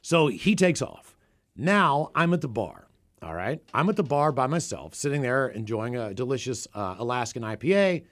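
A man's voice: mid-range voice, very animated, normal speed, a bit bright. A man from the Seattle area, co-hosting a podcast, telling a profane, rambling story in casual chat. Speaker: podcast co-host.

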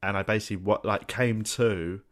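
A man in his thirties, a podcast guest, telling stories in a relaxed, casual way with some swearing. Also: on the low side, normal speed. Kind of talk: casual chat.

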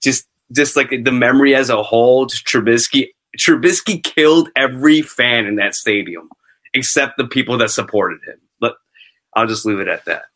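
A man chatting on a podcast in a bright, forceful voice. His storytelling is loose and halting, full of fillers. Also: mid-range voice. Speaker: podcast co-host. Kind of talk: casual chat.

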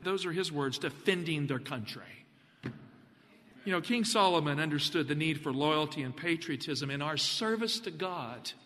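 A man preaching a sermon, animated, putting questions to the congregation. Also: fairly high pitch, moderate pace, long reverb tail.

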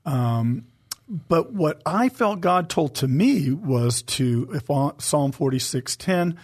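A man with a somewhat high voice, sharing a personal testimony on a Christian talk show. He is earnest and emotional, and he slows down and drops his volume to stress the points that matter to him. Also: animated, breathy edge.

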